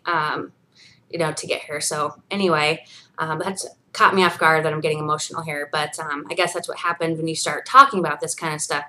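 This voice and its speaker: A woman's voice: low voice, pushed and bright. A woman in her thirties recording a personal video diary, earnest and encouraging, reading from her journal and talking straight to viewers. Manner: earnest and encouraging, with many fillers. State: briefly emotional, near tears. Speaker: vlogger.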